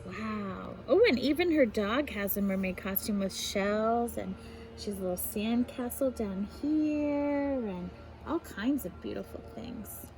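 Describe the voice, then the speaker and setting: A woman, a teacher, reading a picture book aloud to children in an animated way, stopping to explain the fancy words. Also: fairly high pitch, a little slow, music in the background, low-quality recording.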